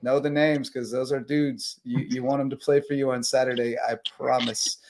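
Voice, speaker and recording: A man hosting a late-night sports talk stream, rambling through game recaps and sponsor shout-outs. His voice is mid-pitched and casual, tired but still running on adrenaline. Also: little pitch movement, normal speed, background noise. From South Carolina Lowcountry. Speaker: sports talk show host.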